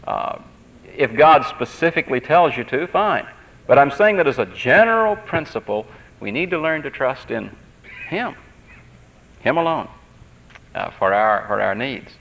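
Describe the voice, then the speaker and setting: A man's voice: mid-range voice, expressive, unhurried, long pauses, a bit bright. A man giving a sermon as pastor, earnest and conversational, repeating phrases as he tells stories. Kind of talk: sermon with personal storytelling. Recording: dull lo-fi tape recording.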